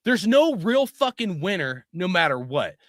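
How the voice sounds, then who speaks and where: High, lively, angry man. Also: unhurried, no echo, clean studio sound. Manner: angry, swearing constantly. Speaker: video host. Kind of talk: profane opinion rant.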